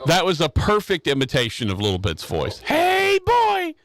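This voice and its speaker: A man's voice: mid-range voice, very animated, brisk, fairly bright tone. A man hosting a casual sports radio show, rambling and joking with restarts. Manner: rambling, joking, repeats himself. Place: radio studio.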